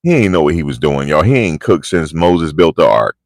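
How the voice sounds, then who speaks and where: Deep, lively-voiced man hosting a livestream. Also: brisk, gravelly, no echo. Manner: animated, slangy storytelling, reading out chat comments. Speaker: livestream host. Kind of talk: casual livestream commentary.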